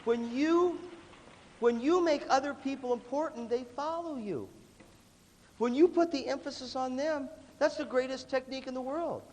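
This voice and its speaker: A middle-aged man leading a workshop for students, energetic and playful, often acting out other people's voices. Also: extremely high pitch, moderate pace. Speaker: music clinician. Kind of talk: animated workshop talk to students. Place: large hall with a live audience. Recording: hall reverb from a big room.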